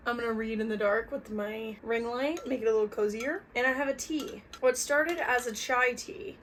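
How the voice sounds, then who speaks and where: A woman's voice: on the high side, gravelly, a little hiss or hum. Chatty young woman vlogging. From Southern US. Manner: chatty, swears freely, rants with amusement. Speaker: book vlogger. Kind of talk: casual reading vlog chat.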